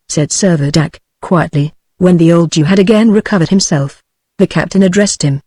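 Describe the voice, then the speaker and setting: A text-to-speech woman's voice with a British accent reads a novel aloud in a steady, even way. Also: lowish voice, normal speed, no echo. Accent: British English. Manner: steady, even synthetic read-aloud delivery. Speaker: audiobook narrator. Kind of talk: text-to-speech audiobook reading.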